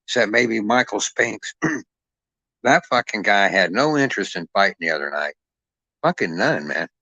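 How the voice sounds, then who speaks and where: A man's voice: lowish voice, a bit bright, no echo. A middle-aged man ranting about boxing in a cantankerous, foul-mouthed, mocking way. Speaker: boxing commentator. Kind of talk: profane ranting commentary.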